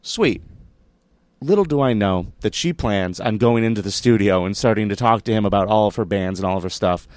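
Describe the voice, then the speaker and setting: A man telling a story as a comedian guest on a casual podcast, animated and swearing, acting out the quotes as he goes. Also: fairly low pitch, a little fast, dry recording.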